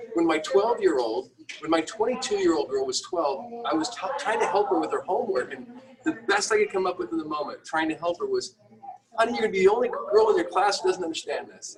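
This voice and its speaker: A middle-aged man, a business owner, telling a candid, self-deprecating story with many halting restarts. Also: high voice, distant mic, rough recording. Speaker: guest entrepreneur.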